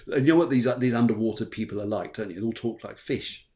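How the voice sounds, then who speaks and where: A middle-aged man with a lowish voice hosts a chatty live-stream horoscope show at normal speed, pausing often. He rambles and jokes, puts on silly voices, and warmly thanks his viewers.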